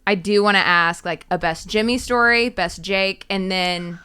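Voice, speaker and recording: Smooth, bright woman hosting a chat. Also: mid-range voice, moderate pace. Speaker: host. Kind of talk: casual chat.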